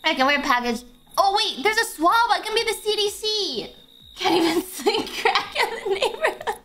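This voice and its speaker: A young woman streaming a game, talking casually, excitable and swearing a lot. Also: extremely high pitch, moderate pace, music in the background. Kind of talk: casual gameplay commentary.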